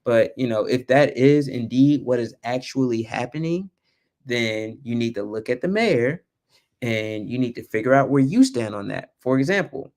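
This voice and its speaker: A man's voice: animated, moderate pace, darkish tone. A young man hosting a live stream, talking casually and with animation, rambling and at times losing his train of thought. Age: young adult. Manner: lowers his voice so as not to wake the kids. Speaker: vlog host.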